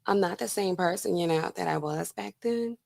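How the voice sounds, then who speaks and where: A woman faking a forced deep executive baritone. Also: fairly even intonation, vocal fry. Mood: solemn. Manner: slow, forced, solemn low delivery.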